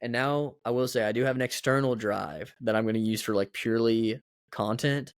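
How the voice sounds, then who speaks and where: A man's voice: medium pitch, steady tone, fairly quick, dry recording. A young man hosting a podcast alone, rambling in a casual, chatty, self-mocking way. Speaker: podcast host. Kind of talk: casual solo podcast chat.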